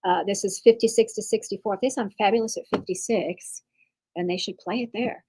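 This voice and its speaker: A woman's voice: medium pitch, fairly quick, dark tone, slight background noise, low-quality recording. A woman giving an online percussion clinic, chatty and reassuring, with many fillers and restarts. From Texas. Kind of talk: online masterclass talk.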